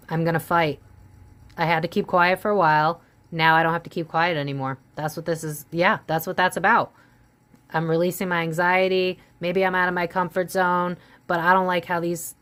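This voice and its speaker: A woman's voice: fairly low pitch, fairly even intonation, moderate pace, fairly bright tone. A woman doing a casual psychic tarot reading, musing aloud and voicing what she senses, with frequent restarts and trailing phrases. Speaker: tarot reader.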